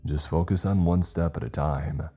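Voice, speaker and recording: A man voicing a calm, brave companion who speaks in a steady, reassuring way in a horror story reading. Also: deep voice, moderate pace, slightly rough, soft background music.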